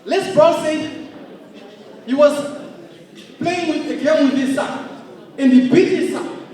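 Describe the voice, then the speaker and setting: A man giving a motivational speech at an awards event, emphatic and often shouting. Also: very high voice, slow pace. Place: large indoor hall. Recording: echoey hall from far off.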